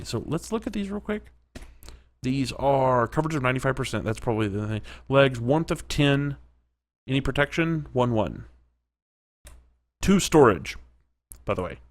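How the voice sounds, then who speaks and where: A man narrating his own game play, chatting and reacting aloud, at times dropping to a whisper. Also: mid-range voice. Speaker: gaming commentator. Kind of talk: let's play commentary.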